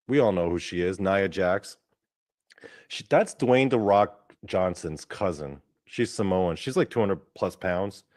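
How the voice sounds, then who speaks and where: A male host giving rambling, profane, excitable commentary over wrestling footage. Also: low-pitched.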